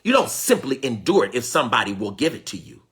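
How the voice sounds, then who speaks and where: A man's voice: medium pitch, expressive, fast talker, fairly bright tone, husky. A man teaching in a fervent sermon style, calling out to his listeners, repeating phrases for emphasis and pleading to God. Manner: preacherly call-and-response, exclaiming and pleading to God. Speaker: spiritual teacher.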